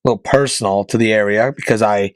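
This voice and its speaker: A man hosting his own podcast, joking through casual rambling asides in a deadpan way, from northeastern Pennsylvania. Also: lowish voice, quick pace, dry recording. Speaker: podcast host. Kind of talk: casual comedic monologue.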